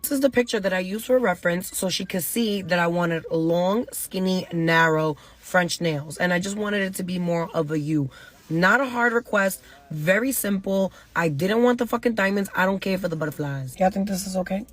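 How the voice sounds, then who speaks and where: A woman's voice: lowish voice, normal speed. A woman ranting in a casual vlog, indignant and sassy.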